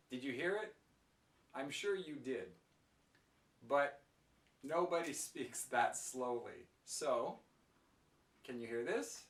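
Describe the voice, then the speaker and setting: A man teaching an English pronunciation lesson, speaking slowly and clearly with careful pronunciation. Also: medium pitch, lively intonation, fairly bright tone, roomy sound, far from the mic.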